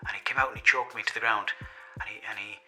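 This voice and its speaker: A man voices an aggrieved Irish caller phoning the police in a comedy sketch, soft and low in tone. He rambles on, swears freely and stacks up endless little details. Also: steady tone, quick pace, soft background music, poor audio. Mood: aggrieved rambling. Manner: long-winded, swearing, piles up details.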